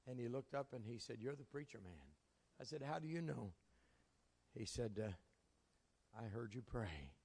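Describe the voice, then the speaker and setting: A man's voice: medium pitch, sing-song, moderate pace, creaky, long pauses, darkish tone, breathy edge. A man preaching a sermon, telling folksy stories from his ministry with chuckles. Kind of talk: sermon storytelling. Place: church sanctuary. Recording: long reverb of a large hall.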